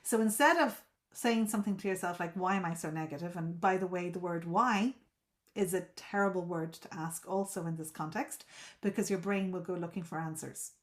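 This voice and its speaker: A woman's voice: on the low side, moderate pace. A woman coaching a group on a live video call, explaining at length. She often repeats and restarts words and checks whether listeners follow.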